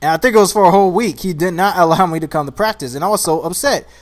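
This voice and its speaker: A man's voice: sits high, rapid-fire. A young man, chatting casually in a vlog, rambling, laughing at himself and getting worked up. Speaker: vlogger. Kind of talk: casual chat.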